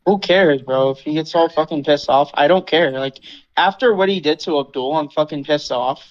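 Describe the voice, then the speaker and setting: A young man hosting a podcast rambles through a venting story about a controlling friend, swearing a lot and mocking the people he quotes by mimicking them. His fairly high voice moves at a normal speed, and the audio has its highs cut off.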